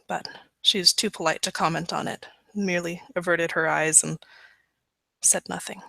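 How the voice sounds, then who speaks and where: A woman playing a tabletop game, describing her character's actions in a measured, descriptive way. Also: lowish voice, steady tone, vocal fry, pushed and bright, dry recording, rough recording. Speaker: player.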